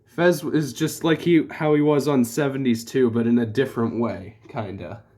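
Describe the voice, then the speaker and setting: Male reviewer, offhand rambling delivery, average pitch. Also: normal speed, warm tone. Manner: rambling, full of "like" and restarts. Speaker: TV show reviewer. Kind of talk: casual spoken review.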